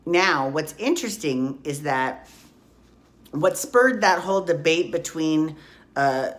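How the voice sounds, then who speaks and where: A woman hosting a casual soap opera recap podcast, chatty and blunt, swearing freely as she talks through the week's episodes. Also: deep voice.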